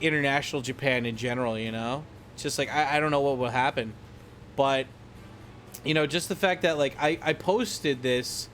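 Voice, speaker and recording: A man's voice: mid-range voice, a bit bright. A young man from the United States vlogging in a rambling, profane, irreverent way, full of fillers. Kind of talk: casual rambling commentary.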